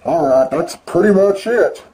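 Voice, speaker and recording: A man ranting excitedly and profanely in a video reaction, swinging between yelling and mumbling. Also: a little high, unhurried, a little hiss or hum. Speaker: vlogger.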